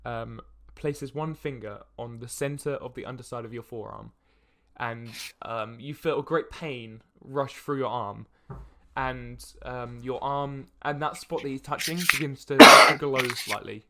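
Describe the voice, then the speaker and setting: A young man narrating as dungeon master in a tabletop game, halting with many fillers. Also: medium pitch, sharp tone. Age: young adult. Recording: faint background hiss.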